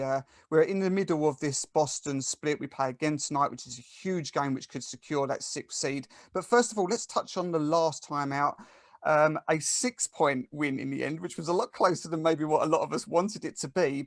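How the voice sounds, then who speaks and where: A man's voice: a little high, no room sound, studio quality. A man with an Essex accent hosting a podcast, chatting casually and plugging the show. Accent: Essex English. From England. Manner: chatty, thanks listeners and plugs the show. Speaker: podcast host. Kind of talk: casual chat.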